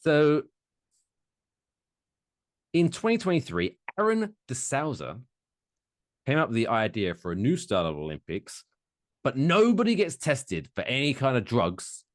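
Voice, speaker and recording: Animated, sweary male podcast host. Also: mid-range voice, moderate pace, no room sound, studio quality. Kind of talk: casual chat.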